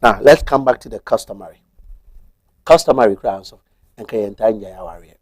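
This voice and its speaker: A man's voice: on the low side, a little fast, dry recording. Methodical Ghanaian man explaining law. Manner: methodical, switches between Twi and English. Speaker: guest explaining marriage law. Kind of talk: explanatory TV talk-show discussion.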